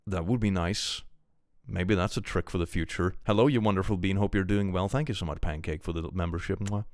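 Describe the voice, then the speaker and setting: A Swedish-accented man chats on a livestream and reads out viewer messages in a jokey, animated way, swearing freely. His voice is fairly low, and the sound is dry and close with no room echo. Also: a little fast. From Sweden. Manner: animated and jokey, swears freely, swings between mock-gloomy and excited. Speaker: streamer. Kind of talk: casual livestream chat, reading viewer messages.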